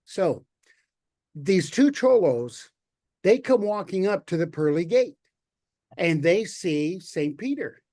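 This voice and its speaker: A man who is a guest poet, telling a story in an unhurried, relaxed way. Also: high voice, no echo, studio quality. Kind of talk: spoken storytelling.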